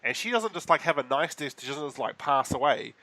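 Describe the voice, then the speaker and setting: A man co-hosting a podcast, recapping an episode in animated casual chat full of fillers. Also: on the high side, brisk, no room sound. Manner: animated storytelling with many fillers. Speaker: podcast co-host.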